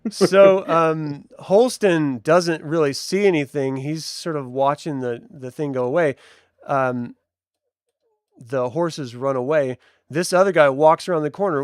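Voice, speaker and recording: A man running a tabletop game as game master, narrating with animated delivery and bursting into loud voices for minor characters. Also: a little high, unhurried, no room sound, studio quality.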